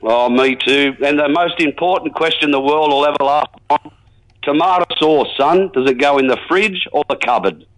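A man's voice: a little high, moderate pace, a bit bright, lightly acted, low-quality recording. A man playing a folksy, matey rural bloke with an Australian accent, phoning in to a comedy radio sketch. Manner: rambling, folksy, jokey. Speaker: regular caller.

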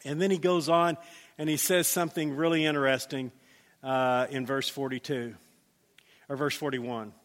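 A man preaching a sermon as pastor, animated, acting out quoted voices, with many restarts. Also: medium pitch, normal speed. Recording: long hall reverb.

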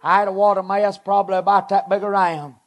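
High-voiced man giving testimony. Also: little pitch movement. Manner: earnest, halting, short emotional phrases. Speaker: preacher giving a personal testimony. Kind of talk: emotional testimony sermon.

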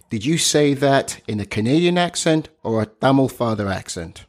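A man's voice: medium pitch, animated, moderate pace, few pauses. A man from Nigeria hosting a podcast, talking in an emphatic, good-humored way in a casual interview. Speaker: podcast host.

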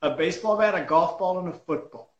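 Man, animated self-deprecating storyteller, slightly high voice, echoey room. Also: a little fast, dull audio. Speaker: juggler and comedy performer. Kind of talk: casual storytelling chat.

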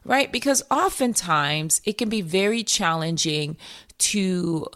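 A woman mental health therapist hosting a motivational podcast, speaking emphatically, repeating key phrases and calling her listeners "my friends.". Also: lowish voice.

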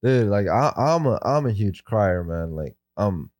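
A man's voice: lowish voice, very animated, unhurried, a little mellow, dry recording. A man telling a story in casual chat, rambling with many fillers and swearing.

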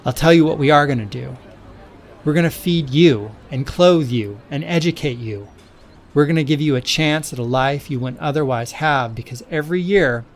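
A man's voice: medium pitch, natural voice. A man voicing a stern, protective young woman in a storybook reading, speaking firmly and directly. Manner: firm and direct, turning indignant.

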